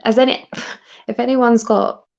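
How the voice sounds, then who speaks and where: A woman's voice: a little high, steady tone, unhurried, gravelly, a little mellow. Chatty British-sounding woman in her thirties. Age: 30s. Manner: chatty, laughs often, restarts sentences. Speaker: live stream host. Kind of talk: casual chat on a live stream. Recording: dull, lo-fi stream audio.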